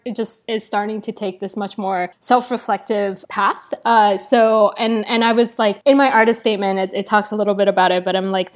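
A young woman artist chatting casually in an interview, rambling with many fillers and restarts. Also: medium pitch. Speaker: prize-winning artist guest.

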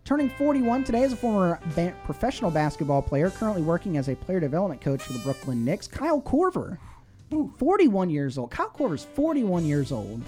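A man's voice: sits high, wildly swooping pitch, fairly quick, few pauses, darkish tone, faint music behind. A man hosting a call-in sports radio show, reading scores and chatting casually with fillers and restarts. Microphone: studio microphone.

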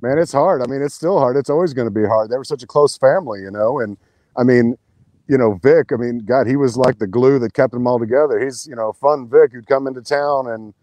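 A man's voice: medium pitch, brisk, dry recording. A man talking casually as a podcast guest, telling a rambling story full of restarts and swearing. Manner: rambling, restarts, profane, animated retelling.

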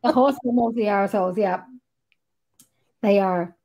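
A woman's voice: mid-range voice, a little slow, dark tone. A middle-aged woman hosting a podcast. She talks in a rambling, chatty way and swears freely. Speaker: podcast host. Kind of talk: casual chat.

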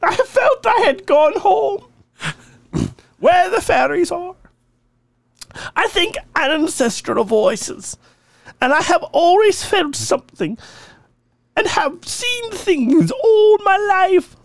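A man putting on an Irish woman's voice with an Irish accent, reading accounts of fairy meetings in a slow, lilting storyteller manner. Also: very high-pitched, very animated, creaky, no room sound, heavily acted. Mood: heartfelt. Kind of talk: reading listener stories aloud.

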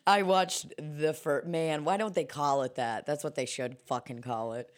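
Brief: woman podcast co-host, lowish voice, chatty, giggles a lot, casual swearing, studio mic. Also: steady tone, unhurried. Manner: laughs often, swears casually. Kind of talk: casual chat. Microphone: studio microphone.

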